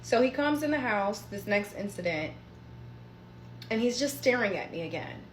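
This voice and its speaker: Profane, animated woman telling a story. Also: fairly high pitch, moderate pace, roomy sound, slight background noise. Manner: animated, profane, talks straight to viewers. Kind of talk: casual storytime monologue.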